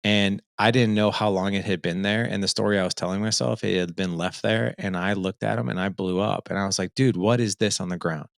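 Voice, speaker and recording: A man's voice: fairly low pitch, steady tone, brisk, vocal fry, few pauses, clear, resonant tone, dry recording, studio quality. A man in his forties telling a personal story in an earnest, emphatic way, often checking in with "right?". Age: 40s. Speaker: fatherhood coach and podcast host, here a guest. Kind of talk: conversational storytelling.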